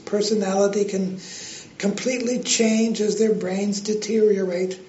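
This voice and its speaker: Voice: medium pitch, a little mellow, a little hiss or hum. An earnest preacher giving a devotional talk, telling a joke and then exhorting listeners to praise God, in a roomy, dull recording.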